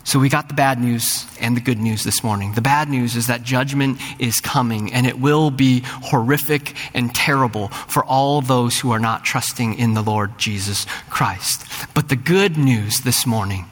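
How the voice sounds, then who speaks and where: A man's voice: mid-range voice, moderate pace, hardly any pauses. Earnest preacher man in a reverberant hall. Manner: earnest, builds to fervent rising peaks; repeats words when starting a thought. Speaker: pastor. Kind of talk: sermon. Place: large church sanctuary.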